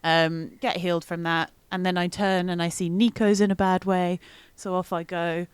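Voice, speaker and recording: A woman's voice: fairly low pitch, little pitch movement, moderate pace, smooth, no room sound. A woman co-hosting a podcast, chatting casually and laughing often as she recaps an event with many ums. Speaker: podcast co-host.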